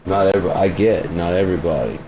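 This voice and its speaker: A man's voice: low-pitched, fast talker, rough recording. A man vlogging an off-the-cuff opinion rant, blunt and profane, firing off rhetorical questions. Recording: steady vehicle road noise behind voice.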